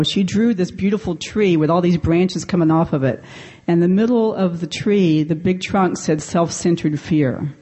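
Woman speaker, mellow tone, candid and self-mocking, live recovery talk at a convention. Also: on the low side. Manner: candid, self-deprecating, laughs often. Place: convention meeting room.

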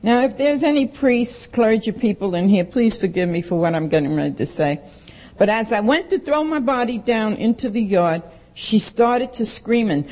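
A woman's voice: on the high side, animated, moderate pace, darkish tone, rough recording. A woman giving a blunt, emphatic personal testimony to a recovery meeting and repeating lines for stress.

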